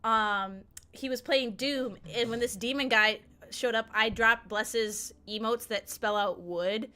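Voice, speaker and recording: A woman's voice: fairly high pitch, takes it slowly, pushed and bright. A woman streamer telling a long story in casual chat, laughing often and acting out what others said. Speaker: streamer host.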